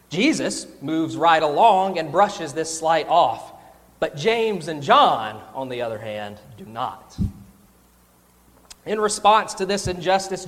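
A young man preaching a sermon, telling a humorous personal story in an animated storytelling manner. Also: a little high, big-room sound.

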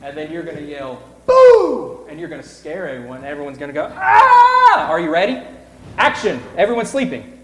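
A man directing a children's pageant in a church sanctuary, reading a storybook aloud with playful swings between loud cries and hushed whispers. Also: fairly high pitch, expressive, fast. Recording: echoey hall reverb, faint room ambience.

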